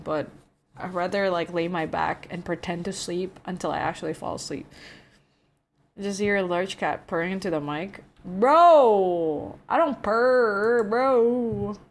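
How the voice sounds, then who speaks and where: A young adult woman streaming, chatting casually with her viewers in a relaxed, drawling way, often saying "bro" and yawning. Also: fairly low pitch. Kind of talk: casual chat with viewers, reading chat aloud.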